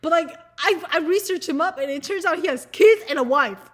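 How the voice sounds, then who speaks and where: A woman's voice: very high-pitched, a little fast, fairly bright tone. A woman, chatting casually in a rambling, swearing, giggly vlog style. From Southern United States. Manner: rambling, profane, giggly, lots of fillers. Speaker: vlogger. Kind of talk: casual chat.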